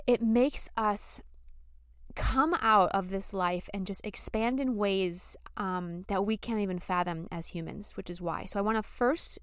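A young woman hosts her podcast, telling a story in a casual, animated way. Her voice is smooth and clear with a middling pitch. The sound is dry and close. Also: no room sound. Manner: animated, chatty, lots of fillers. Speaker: podcast host.

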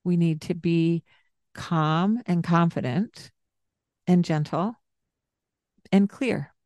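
Calm lower-pitched woman on a parenting podcast, gentle and explaining, dry close mic. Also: slow pace, dry recording. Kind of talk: casual podcast advice.

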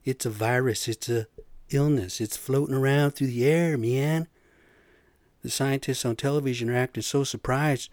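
A man's voice: medium pitch, normal speed, darkish tone, no echo. A man hosting a podcast, ranting casually with lots of "man" and "you know". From US Pacific Northwest. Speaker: podcast host; construction superintendent. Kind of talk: casual rant.

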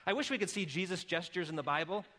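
A middle-aged man preaching a sermon, explaining calmly and then rising to loud, emphatic calls. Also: sits high, fast. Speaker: pastor.

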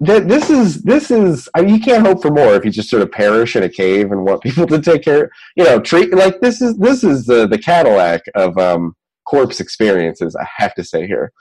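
A man's voice: mid-range voice, big pitch swings, moderate pace, a little mellow, breathy edge, rough recording. A man casually recapping a film's plot in a chatty, joking way, rambling and laughing often. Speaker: podcast co-host recapping a film. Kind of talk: casual chat.

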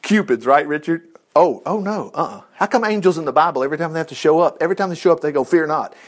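A man preaching a sermon in an animated way, dropping to quiet asides and rising loud when he acts out quoted voices. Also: on the high side, quick pace. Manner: animated, jumps between hushed asides and loud exclaims.

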